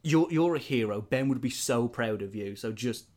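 A man voicing a gentle, concerned older aunt who speaks softly and reassuringly. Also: mid-range voice, lively intonation, moderate pace, lightly acted.

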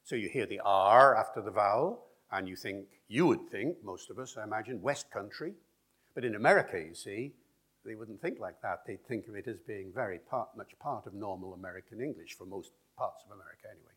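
A man giving a public lecture in a lively, discursive way, with chatty asides. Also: on the low side, a little fast, slightly rough. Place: lecture hall with an audience.

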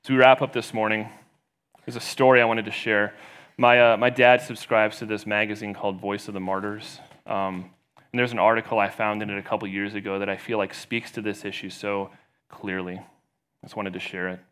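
A man's voice: flat delivery, brisk, clean tone. A man preaching a sermon as pastor, retelling a story and raising his voice for the quoted voices. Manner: storytelling, rising loud and high for quoted voices.

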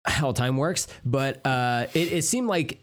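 A man in a loose, easygoing podcast chat about horror movies. He rambles a little, hedges with fillers, and drops playful asides while keeping an even, middle-pitched voice. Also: takes it slowly. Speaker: podcast co-host.

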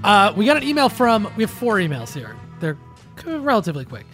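A man hosting a podcast in casual chat, loud and joking, swearing often, his voice jumping up when excited. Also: high voice, fast, soft background music. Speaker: podcast host.

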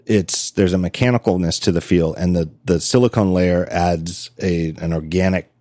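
A man's voice: deep voice, steady tone, moderate pace, mellow, no room sound. A man hosting a podcast in casual chat, telling stories with frequent laughs and self-corrections. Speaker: podcast host.

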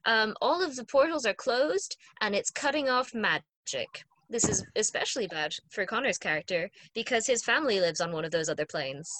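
In a casual, relaxed chat, a woman talks about the tabletop game she runs as game master, rambling with lots of ums, fillers, and asides as she explains at length. Her middle-pitched voice moves at a moderate pace with hardly any pauses. The sound is dry and close, with no room echo.

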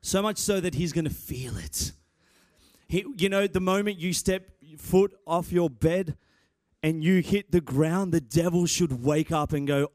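A man's voice: on the high side, normal speed, a little mellow, no echo, clean studio sound. A man preaching a sermon and telling a self-mocking personal story. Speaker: pastor.

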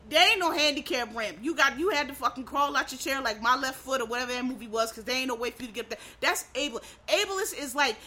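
Blunt ranting woman, sharp bright voice. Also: sits high, fast talker, few pauses. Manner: blunt, heated, swearing freely, rising to shouts; frequent restarts and stammered repeats. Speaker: vlogger. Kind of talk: profane ranting monologue.

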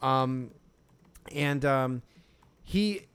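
Casual male podcast co-host, clear resonant voice, loose storytelling full of fillers. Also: mid-range voice, very slow, a bit bright. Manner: rambling storyteller, many "like" fillers. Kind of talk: casual chat.

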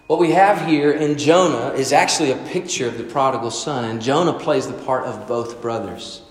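A man's voice: medium pitch, moderate pace. Preacher man in an echoey hall. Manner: storytelling, acts out voices in quotes, swings loud and soft. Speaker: pastor. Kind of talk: sermon.

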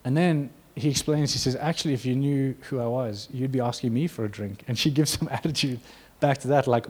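A man preaching a sermon, telling a story with lively energy, acting out quotes and laughing now and then. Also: medium pitch, fairly quick, hardly any pauses, slightly rough.

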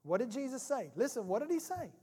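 Speaking quickly with a breathy edge, a man with a fairly high voice preaches a humorous, lively sermon. He talks to the congregation in a friendly, conversational manner, and a long reverb from the church hall follows each line.

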